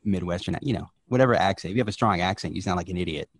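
A man from the US South in casual chat, matter-of-fact, telling stories quickly. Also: deep voice, dry recording.

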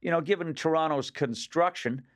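A man's voice: on the high side, moderate pace. A man in his fifties from Nova Scotia, a comedian telling rambling, joke-filled stories as a radio guest. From Nova Scotia, Canada. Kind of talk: casual radio interview.

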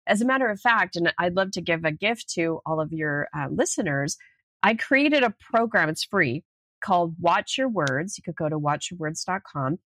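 A middle-aged woman speaking as a podcast guest in casual conversation, animated and storytelling. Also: lowish voice, normal speed, no echo. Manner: animated storyteller, acts out voices in anecdotes. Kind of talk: casual interview chat.

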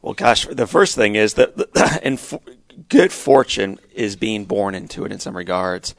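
Earnest gravelly-voiced man telling his story. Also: fairly low pitch, sing-song, measured pace, no echo. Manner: earnest, storytelling with emphatic rises. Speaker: guest speaker. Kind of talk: telling a personal story in a podcast interview.

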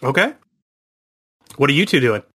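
Male game master, bright voice, rambling hesitant narration. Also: mid-range voice, very animated, normal speed, slightly rough. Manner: rambling, hesitant descriptions with many fillers. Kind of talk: narrating a tabletop horror game.

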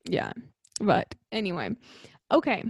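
A woman's voice: mid-range voice, huge pitch swings, unhurried, vocal fry, breathy edge, dry recording, clean studio sound. A young woman co-hosting a podcast, bubbly and upbeat in casual chat. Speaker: podcast co-host.

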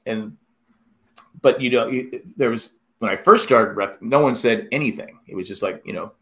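A middle-aged man in casual chat, telling rambling, animated stories with many restarts. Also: mid-range voice, moderate pace.

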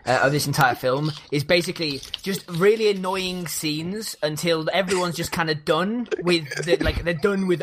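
A man's voice: on the high side, moderate pace, few pauses, noisy background. A man in casual comedic chat, laughing along and adding dry commentary.

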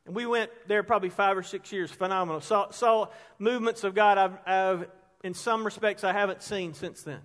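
Animated high-voiced preacher in a reverberant hall. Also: male voice, moderate pace, few pauses. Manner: animated storyteller, drops to a hush for emphasis. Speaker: pastor. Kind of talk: sermon with storytelling.

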